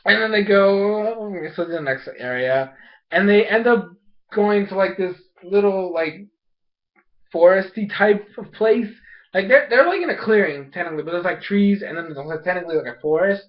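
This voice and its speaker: Young guy, high voice, rambly excitable recap on a dull lo-fi recording; casual and filler-heavy. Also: normal speed. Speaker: TV episode reviewer.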